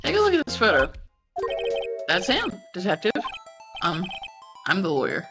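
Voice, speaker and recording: A woman's voice: lowish voice, huge pitch swings, normal speed. A woman reading the lines of an earnest young male defense lawyer in her own voice, with game music behind.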